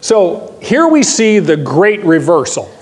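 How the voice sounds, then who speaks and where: An older pastor delivers a sermon to a Bible class, emphatically repeating key phrases and posing questions to his listeners. His voice is high-pitched, husky, very animated, and slow, with a big-room sound.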